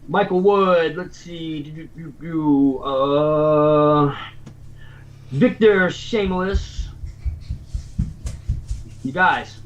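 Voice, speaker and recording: A man's voice: fairly high pitch, very slow, long pauses, lo-fi sound. Casting note: easygoing male stream host, rambling, laughs often, faint noise behind. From Tennessee. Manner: rambling, laughing, repeats words. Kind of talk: casual livestream chat.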